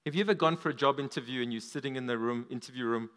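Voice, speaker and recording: A man preaching a sermon at a church service, animated, his voice swinging up and down for emphasis. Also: racing, clear, resonant tone. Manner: animated, rises and drops in pitch and volume for emphasis.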